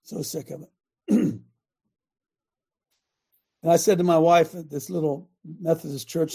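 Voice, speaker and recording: An older man hosting a talk radio show, delivering a fiery, repetitive preachy rant that rises to shouts. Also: on the high side, a little slow, gravelly, long pauses, breathy edge.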